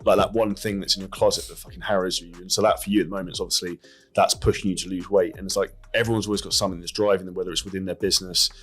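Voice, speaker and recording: An English fitness coach speaking as a podcast guest, direct and quick, with frequent "like" and the odd swear word. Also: male voice, deep voice, little pitch movement, fairly bright tone, slightly rough. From England. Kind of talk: casual interview chat.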